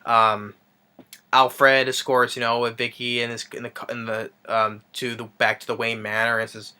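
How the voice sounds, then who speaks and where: Guy doing a loose movie recap, bright forceful voice, lots of ums and restarts. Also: medium pitch, level tone, moderate pace, smooth. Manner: rambling, full of fillers and restarts. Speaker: movie reviewer.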